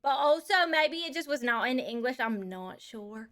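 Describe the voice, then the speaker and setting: A woman's voice: on the high side, animated, normal speed, a bit bright. A woman playing a brash, crude Texan woman trucker back from space, drawling and calling everyone baby, for a live stream. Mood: rambling. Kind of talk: live-stream character bit.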